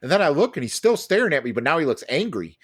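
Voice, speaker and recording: A man's voice: a little high, big pitch swings, fast, husky. A man co-hosting a podcast, telling a story in casual chat, full of fillers, restarts and swearing. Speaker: podcast co-host.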